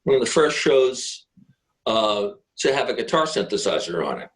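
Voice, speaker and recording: A man's voice: mid-range voice, sing-song, moderate pace, rough recording. A middle-aged man, a guest guitarist, telling rambling anecdotes in a casual interview, with many fillers and restarts.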